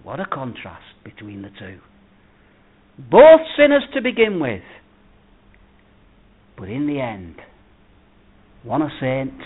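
A man preaching a sermon, emphatic, swinging between loud declarations and hushed words. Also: on the low side, slight background noise. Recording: tinny phone-like audio.

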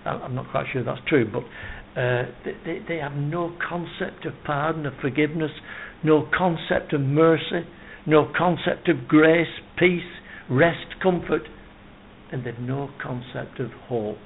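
A man preaches a sermon earnestly and emphatically, reciting scripture at length and building points through repeated phrases. His voice is a little high, a little slow and creaky. The sound is tinny and phone-like, with faint noise.

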